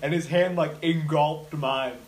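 A young man in casual chat with a friend, laid-back, laughing often and trailing off into quiet asides. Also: a little high, fairly even intonation, unhurried, slight background noise.

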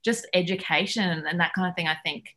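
With a voice on the low side and a fast delivery, a woman who works as a nutritionist chats as a podcast guest. Her casual talk is lively storytelling full of fillers.

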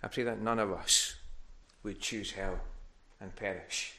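A man's voice: on the low side, fairly even intonation, unhurried, gravelly. Man, pastor, sermon, earnest, restarts, rising appeals, church. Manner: earnest preaching, swells louder on appeals, frequent restarts.

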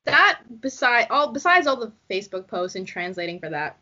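A woman's voice: a little high, big pitch swings, a little fast, pushed and bright. A young woman chatting casually on a podcast, giggly and full of fillers. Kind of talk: casual chat. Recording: dull lo-fi sound.

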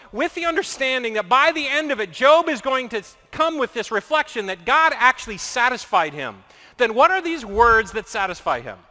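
A man's voice: very high-pitched, bright, forceful tone. A man preaching a sermon as pastor, earnest and building his points through repetition. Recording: long reverb of a large hall.

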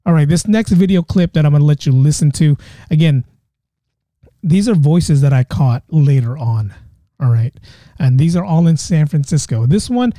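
A man's voice: fairly high pitch, lively intonation, normal speed, mellow, dry recording, studio quality. A man hosting a podcast, talking casually and rambling with frequent restarts. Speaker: podcast host. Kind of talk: casual monologue.

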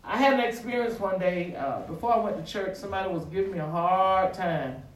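A man preaching a sermon with call-and-response, stretching words with dramatic pauses and rising to shouts. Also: high-pitched, recorded from a distance. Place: church sanctuary. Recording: echoey room, voice from afar.

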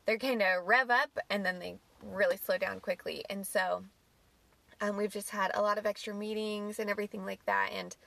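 A woman's voice: medium pitch, steady tone, moderate pace, vocal fry, bright, forceful tone. A woman co-hosting a podcast in casual chat, easygoing and reflective.

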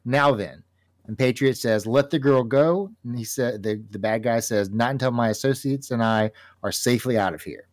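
A man co-hosting a casual comic book talk show, animated and laughing often as he reads panels aloud. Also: medium pitch, moderate pace, hardly any pauses. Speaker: podcast co-host.

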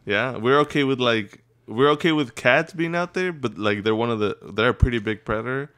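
Man, podcast co-host, relaxed casual chat, mid pitch, laughs a lot. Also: a little fast, smooth. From Texas. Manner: laid-back, says "bro" a lot, laughs often.

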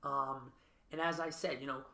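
A man's voice: medium pitch, steady tone, normal speed, sharp tone, echoey room, slight background noise. A man hosting a podcast, talking in an earnest, reflective way and often checking in with "right?". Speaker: podcast host. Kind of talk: casual interview chat.

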